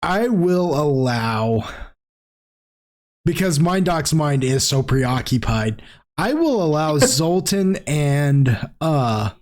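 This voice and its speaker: A man's voice: on the high side, a little mellow. A man acting as game master, narrating a tabletop game in a casual, rambling way. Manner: casual, rambling with many fillers.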